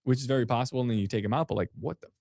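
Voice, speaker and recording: A man's voice: medium pitch, darkish tone, no room sound, clean studio sound. A man co-hosting a podcast in casual chat, joking and speculative. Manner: joking, speculative, quick to laugh. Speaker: podcast co-host.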